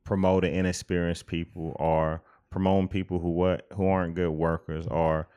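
Deep-voiced man musing earnestly. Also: flat delivery, normal speed, mellow, clean tone. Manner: earnest, rambling with restarts. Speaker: podcast co-host. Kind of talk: casual reflective chat.

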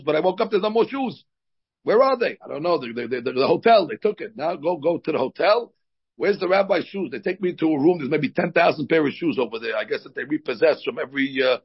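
A man's voice: on the high side, gravelly, husky. A man, a rabbi, teaching a religious lesson in a conversational, explanatory way with personal stories. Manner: explanatory, conversational, with frequent fillers. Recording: dull lo-fi recording.

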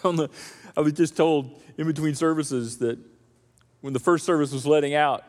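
A man preaching a sermon as pastor, animated and acting out the voices of the crowd. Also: a little high, normal speed. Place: church auditorium. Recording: reverberant church hall.

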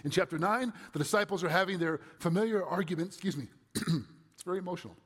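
A man's voice: high-pitched, fast talker, fairly bright tone, slightly rough. A man pastor reading scripture and then preaching a sermon in a conversational way, asking his listeners rhetorical questions. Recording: long hall reverb.

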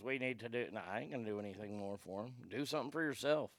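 Blunt, crude man with a crisp voice. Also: medium pitch, animated, fast, few pauses, a bit bright, no room sound, studio quality. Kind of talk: casual comedic commentary.

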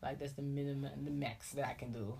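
A woman's voice: rumbling low, steady tone, fairly quick, gravelly, a little mellow, breathy edge. A young woman, co-hosting a casual chat, handing out firm advice with a teasing edge. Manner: teasing, gives firm advice, says "listen" a lot. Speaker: co-host.

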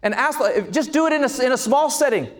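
A man preaching a sermon as pastor, passionate and building to shouts on key lines. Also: very high-pitched, a little fast. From California.

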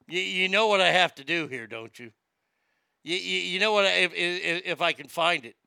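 A man hosting a live show, riffing on the news in a loud, profane, mocking rant full of stammers and jokes. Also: high voice, animated, normal speed, creaky, clear, resonant tone, no room sound, studio quality. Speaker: live show host reading chat.

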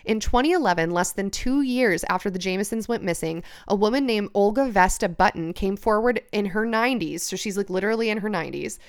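A woman's voice: mid-range voice, fairly quick, hardly any pauses, smooth. A woman hosting a casual true-crime podcast, reading researched notes aloud between chatty asides. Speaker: podcast host.

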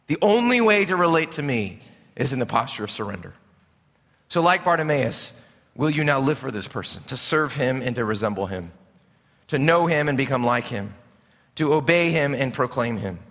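A man preaching a sermon as a pastor, impassioned, swinging between loud and hushed. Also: medium pitch, expressive, normal speed. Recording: preached in a reverberant hall.

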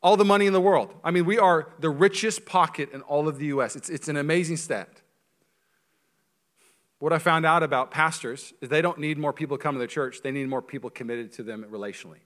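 A male pastor preaching a sermon in a church, animated and joking, with quick asides. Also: a little high.

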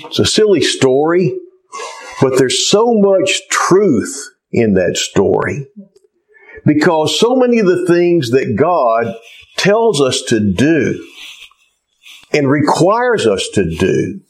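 A man giving a sermon as pastor, telling a story in an unhurried way before turning to scripture. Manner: unhurried storytelling with lively pitch.

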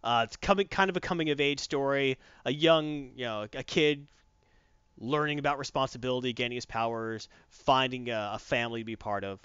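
A man casually reviewing a film on a podcast, animated and playful as he recaps scenes. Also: medium pitch, brisk, clean tone, no room sound. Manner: animated, acts out scenes in funny voices. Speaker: podcast co-host. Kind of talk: casual movie review chat. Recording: dull lo-fi dry sound.

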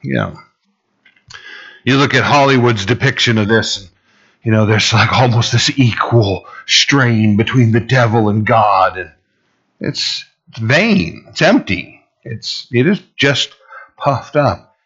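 A man's voice: animated, takes it slowly, fairly bright tone, husky, muffled recording. Man preaching in a casual, rambling way. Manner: casual and rambling, heavy fillers, rises in pitch for emphasis. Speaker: pastor. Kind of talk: conversational sermon.

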